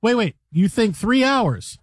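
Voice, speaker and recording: A man hosting a talk radio show, bantering playfully with co-hosts, laughing often and slipping into quick impressions. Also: high voice, very animated, dry recording. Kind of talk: casual sports radio banter.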